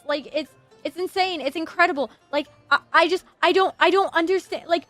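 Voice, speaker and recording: A young woman streaming a game, gushing and stammering with excitement as she reads the story aloud at a desk microphone. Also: very high voice, fairly quick, no echo, faint music behind. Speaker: VTuber streamer. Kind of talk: game playthrough with reaction and read-aloud narration.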